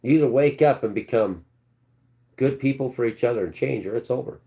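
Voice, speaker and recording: A man rants through a live stream like a street preacher, his voice dark and mellow at a middling pitch. He lurches between loud bursts and low muttering asides. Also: a little fast.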